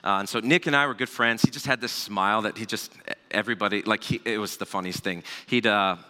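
A man in his thirties preaching a sermon, telling a personal story in a relaxed conversational way with asides. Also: lowish voice, fast. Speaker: pastor. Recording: long hall reverb.

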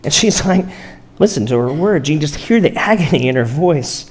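A man with a somewhat high voice delivers a sermon as a relaxed storyteller. He keeps it conversational, asks his listeners questions and slows down to let key lines land. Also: husky. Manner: storytelling, conversational, with rhetorical questions and slow pauses for emphasis. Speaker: pastor.

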